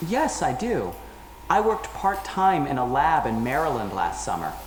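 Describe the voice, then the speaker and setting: A woman's voice: rumbling low, sing-song, unhurried, full character voice. A woman voicing a young female public health student in a scripted textbook listening dialogue. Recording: echoey hall recording with noise.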